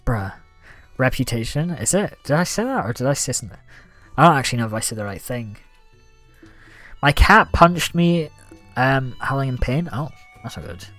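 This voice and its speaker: A man's voice: medium pitch, normal speed, long pauses, no room sound, soft background music. A young man chatting casually on a gaming livestream, thanking viewers and reacting to the game. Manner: chatty, reads out gift thanks, animated. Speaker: streamer.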